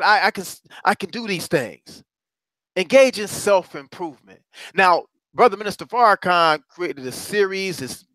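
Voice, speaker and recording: A man speaking as a motivational courage coach to a congregation, emphatic and repetitive, swinging from low murmurs up to loud, high exhortations, with speech. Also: no echo. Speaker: self-described courage coach.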